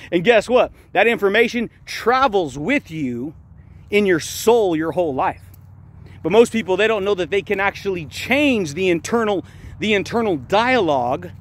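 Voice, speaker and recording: A fired-up man with a high-pitched voice delivers a rambling motivational pep talk. He keeps tossing in slang like "dude" and "baby" as he talks while walking outside. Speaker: motivational speaker. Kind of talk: casual vlog monologue. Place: walking outdoors.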